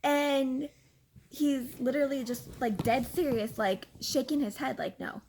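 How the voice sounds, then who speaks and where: Gravelly-voiced woman telling a story. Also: high-pitched, moderate pace, a little hiss or hum. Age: 30s. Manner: animated, exasperated, lots of fillers. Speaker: vlogger. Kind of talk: casual storytelling.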